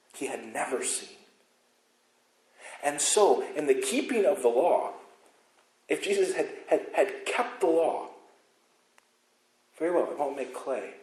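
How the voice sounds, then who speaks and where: A man preaching a sermon as pastor, emphatic, moving between loud insistence and quiet asides. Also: medium pitch, reverberant, low-quality recording. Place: church sanctuary.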